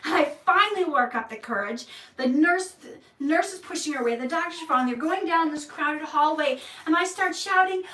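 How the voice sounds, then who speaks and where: High, bright-voiced woman telling a story. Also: brisk, hardly any pauses, distant mic. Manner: animated, emotional, jumps into the voices of people in her story. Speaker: vlog host. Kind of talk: casual personal storytelling. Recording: echoey room, mic set back.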